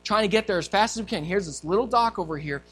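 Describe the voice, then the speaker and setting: A male pastor preaching a sermon, telling a story in an animated way and acting out quotes and sounds. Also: sits high, fast, faint music behind.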